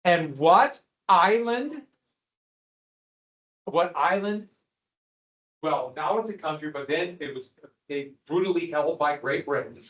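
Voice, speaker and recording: A man teaching a history lecture to a class, animated and quizzing students as he goes. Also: a little high, moderate pace, highs cut off. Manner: animated, asks the class questions. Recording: echoey classroom from far off.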